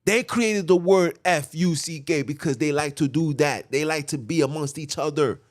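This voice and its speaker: Man, high-pitched, fervent podcast sermon, rhythmic repetition. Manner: rhythmic, repetitive preaching with vernacular speech and sudden drawn-out exclamations. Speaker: podcast preacher. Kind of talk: impassioned sermon.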